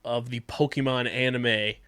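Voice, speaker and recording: A man's voice: mid-range voice, steady tone, a little slow, a bit bright, clean tone, no echo, studio quality. A man hosting a casual podcast, running through news and a sponsor read with plenty of fillers. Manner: conversational, filler-heavy. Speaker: podcast host.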